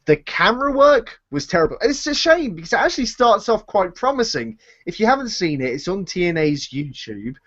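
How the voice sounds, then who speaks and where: A man in casual live chat, his pitch bouncing all over as he rants with sarcastic exasperation. His voice sits a little high for a man. The audio is dry and lo-fi, with a dull top end. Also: a little fast, hardly any pauses, no echo. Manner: animated, sarcastic ranting. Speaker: podcast co-host.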